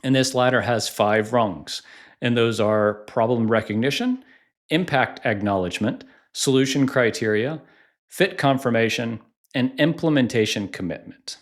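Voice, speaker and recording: A man's voice: mid-range voice, animated, moderate pace. A man coaching on sales in a conversational teaching style, acting out sample questions. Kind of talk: instructional talk to camera.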